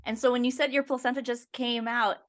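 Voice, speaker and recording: Woman host, kinda high voice, lots of yeahs and easy questions. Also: brisk. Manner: brief encouraging interjections, relaxed questions. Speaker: podcast host. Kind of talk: casual interview.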